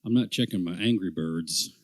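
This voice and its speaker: A middle-aged man co-hosting a podcast in casual chat, rambling and animated, with many fillers and restarts. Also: low voice, normal speed, no echo. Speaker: podcast co-host.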